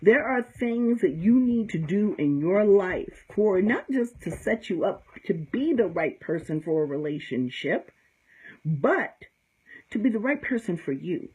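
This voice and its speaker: A middle-aged American woman with a slightly husky, mid-pitched voice lays out spiritual advice in a casual teaching talk. She is blunt and profane, tells stories with emphasis and keeps asking "okay?" to drive points home. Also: expressive, unhurried, a little mellow, poor audio. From United States. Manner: blunt, profane, straight-talking; emphatic storytelling with frequent "okay?". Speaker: conjure and voodoo practitioner.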